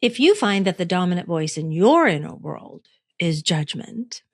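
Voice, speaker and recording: A woman's voice: lowish voice, big pitch swings, normal speed, no echo, studio quality. A middle-aged woman hosting a reflective solo podcast, talking in a conversational way, asking listeners questions and laughing at herself. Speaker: podcast host and coach.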